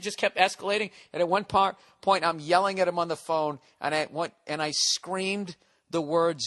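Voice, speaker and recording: Brief: man with a Boston accent, podcast comedian, fairly high voice, profane ranting storyteller, dry close mic. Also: fairly even intonation, normal speed, pushed and bright, no room sound. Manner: profane, ranting, mocks a nervous friend.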